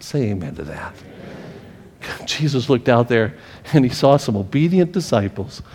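A man's voice: medium pitch, big pitch swings, normal speed, long pauses, darkish tone, slightly rough, long reverb tail. A male pastor preaching a sermon, telling a personal story with feeling and often repeating and restarting his phrases.

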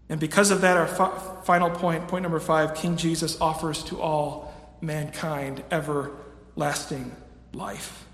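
A man in his thirties preaches a sermon in a slightly high voice, moving between hushed stretches and raised emphatic peaks. His voice rings around a large, echoey church hall with a long reverb tail. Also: steady tone, measured pace. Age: 30s. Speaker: pastor. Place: church sanctuary with a screen.

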